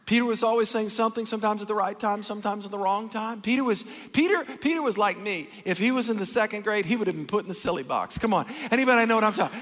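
A man preaching a sermon as pastor, animated and folksy, acting out the people he talks about. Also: sits high, fast, hardly any pauses. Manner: animated, folksy, acts out Bible characters. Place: large church hall. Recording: long reverb of a church hall.

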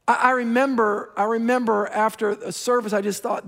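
Brief: middle-aged male pastor, very high voice, earnest sermon with restarts, long church reverb. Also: fairly even intonation, moderate pace, creaky, few pauses, a bit bright. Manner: earnest, repetitive preaching with restarts. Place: church auditorium.

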